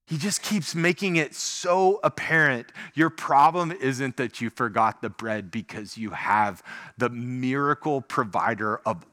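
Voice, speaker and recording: With a fairly high-pitched voice, a man preaches a sermon in a conversational, animated style, filling it with rhetorical questions.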